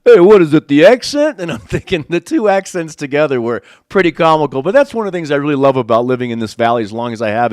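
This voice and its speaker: A man's voice: medium pitch, no room sound. A man hosting a live local morning show from a studio, talking in a rambling, friendly way with many fillers and restarts. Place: hotel TV studio.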